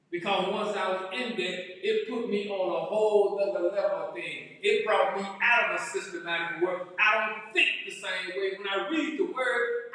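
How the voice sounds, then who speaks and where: High, bright-voiced preaching man in a hall. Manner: preaching with rising, shouted emphasis. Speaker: pastor. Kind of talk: sermon. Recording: echoey hall, far from the mic.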